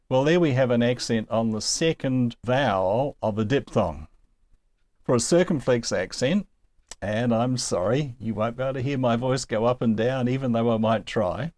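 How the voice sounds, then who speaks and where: A man's voice: medium pitch, expressive, normal speed, a little mellow, no room sound. A man giving a recorded lesson on Greek pronunciation, explaining patiently step by step and laughing now and then. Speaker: Greek teacher.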